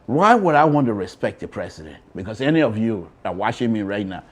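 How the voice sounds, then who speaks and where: A man's voice: on the low side, very animated, fast. A man with a Liberian accent hosting a political talk show, speaking emphatically and repeating himself for effect. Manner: emphatic, repetitive, shifts between loud and quiet. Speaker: radio show host. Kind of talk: political commentary.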